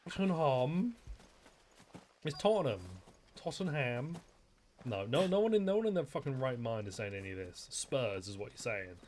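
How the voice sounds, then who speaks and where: A man's voice: mid-range voice, fast talker, few pauses, darkish tone, a little hiss or hum. A man, streaming a game and chatting in a joking, rambling way, with plenty of swearing. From England. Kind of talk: casual gaming commentary.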